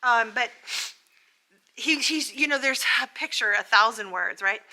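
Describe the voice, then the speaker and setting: An American woman working as a psychic medium, emotionally retelling a spirit's story in a breathless, halting way. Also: fairly high pitch, bright, forceful tone.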